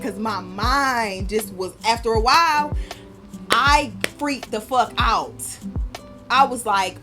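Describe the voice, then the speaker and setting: Profane, animated young woman storyteller. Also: on the high side, normal speed. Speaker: podcast host. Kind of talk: casual monologue. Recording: music playing behind.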